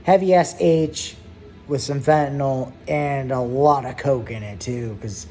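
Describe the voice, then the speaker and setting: A person in their thirties tells a long story straight to the camera, in a loose, rambling way full of swearing. The voice sits at a mid pitch, and the speaker breaks into little hummed asides as they go. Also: measured pace, darkish tone, soft background music. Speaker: vlogger. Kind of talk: casual storytelling.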